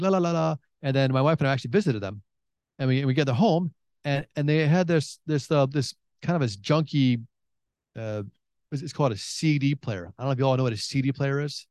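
A man preaching a sermon in a chatty, joking way, acting out his own prayers with big leaps in pitch and talking through many restarts. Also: darkish tone, no echo, clean studio sound. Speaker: pastor.

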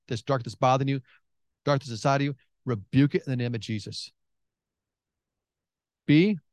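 A middle-aged man preaching a sermon, emphatic and repetitive, swinging between excited bursts and hushed intensity. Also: medium pitch, no room sound. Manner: repeats phrases and restarts.

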